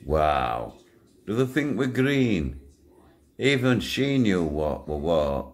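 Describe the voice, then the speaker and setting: In a low, sing-song voice and at a slow pace, an older man tells stories to his channel's viewers in a casual, rambling way. He's blunt, curses freely and keeps chuckling.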